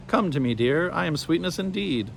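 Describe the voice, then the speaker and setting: A man's voice: fairly high pitch, lively intonation, moderate pace, creaky, a little hiss or hum, pitched above the performer's own voice. A proud young girl, voiced by a man reading aloud, sniffy and haughty. Her lines come out lifted and disdainful in a storybook reading.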